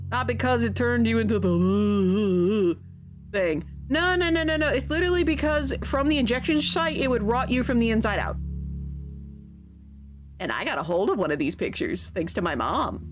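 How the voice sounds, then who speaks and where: A woman streaming a game, reading its text aloud and telling stories in a chatty, animated way. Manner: chatty, animated storytelling with sudden pitch jumps. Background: background music.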